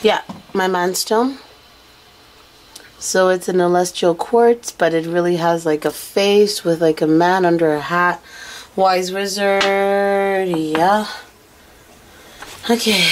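Slow, tired-sounding woman reading tarot cards. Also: fairly low pitch, background noise. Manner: intuitive, rambling, mutters what she hears. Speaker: tarot card reader. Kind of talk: casual tarot reading to camera.

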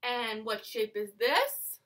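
A young woman leads circle time for small children, speaking slowly and clearly. Her voice is high and lively, swooping up and down as she praises and prompts. Her tone is warm and encouraging throughout. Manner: singsong, encouraging, slow and exaggerated for kids. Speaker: preschool teacher. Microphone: phone or camera held close, adjusted mid-video.

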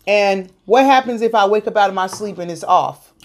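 On an eating show, a woman host talks earnestly about faith and perseverance in a casual chat, sounding like a sermon and protesting loudly when teased. Her voice is medium-pitched and her pace moderate.

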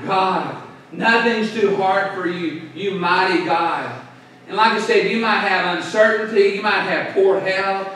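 A man's voice: high voice, pushed and bright, slight background noise. A man, a pastor, preaching a sermon and drawing the congregation into call-and-response. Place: church sanctuary. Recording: echoey church room, voice from a distance.

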